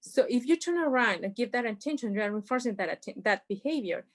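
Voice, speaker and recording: Woman presenter over a video call, slightly high voice, explains parenting stuff with examples. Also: animated, quick pace. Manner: explains with examples, non-native phrasing. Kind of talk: informal presentation.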